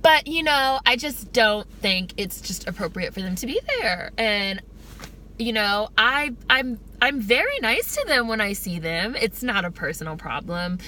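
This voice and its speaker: Woman putting on a high sugary-polite bigoted man. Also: lively intonation, unhurried, bright, forceful tone, a little hiss or hum. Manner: breezy, sweetly apologetic, rambling.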